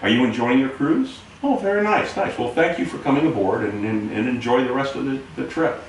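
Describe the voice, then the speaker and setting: A man voicing a foul-mouthed navy chief who turns sugary and polite in front of guests, in a high, mock-genteel tone. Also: animated, brisk, slight background noise, close to an everyday voice. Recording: very echoey room, distant mic.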